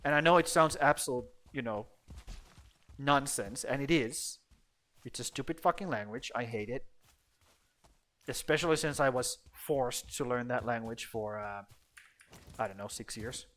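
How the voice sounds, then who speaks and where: A man's voice: medium pitch, normal speed, long pauses, fairly bright tone. A man chatting casually while streaming a game, rambling and swearing bluntly. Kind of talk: casual gameplay chat.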